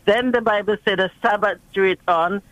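A woman's voice: medium pitch, moderate pace, fairly bright tone, no room sound, lo-fi sound. A woman calling in to a radio phone-in, speaking in a hesitant, shy way. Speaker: caller. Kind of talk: phone-in call.

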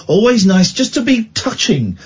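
A man's voice: sits high, very animated, normal speed, breathy edge, dull audio. A man hosting a late-night call-in radio show, teasing callers in a jokey, rambling way. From Britain. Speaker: radio host.

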